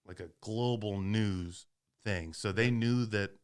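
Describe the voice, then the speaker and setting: A man casually telling a long, profane story on a podcast, animated and swearing often. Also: fairly low pitch, slow, smooth.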